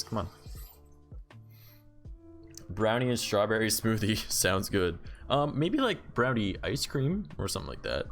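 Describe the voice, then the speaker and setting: A man's voice: lowish voice, sing-song, a little slow, a bit bright, soft background music. A man streaming live, chatting casually and sarcastically, rambling and swearing freely. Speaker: livestreamer.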